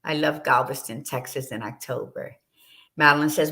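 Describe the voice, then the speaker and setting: A woman's voice: sits low, steady tone, normal speed, pushed and bright. A middle-aged woman hosting a talk show, speaking with candid, passionate conviction and swearing freely. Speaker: podcast co-host. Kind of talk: casual motivational talk.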